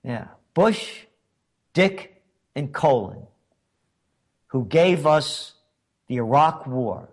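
A man with a somewhat high voice hosts a political opinion monologue at an unhurried, deliberate pace. He leans on sarcasm and pointed rhetorical questions, hammering his points with emphasis. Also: big pitch swings. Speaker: commentary show host.

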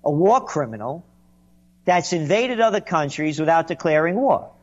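Sarcastic, indignant man with lively pitch. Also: moderate pace, highs cut off. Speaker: commentator. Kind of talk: sarcastic political monologue.

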